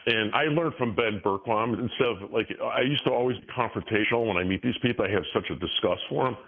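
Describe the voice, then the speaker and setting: Older male guest on a tinny phone line, rambling storyteller, lowish voice. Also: fast talker, creaky. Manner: rambling, many restarts, chuckles often. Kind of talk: casual interview talk.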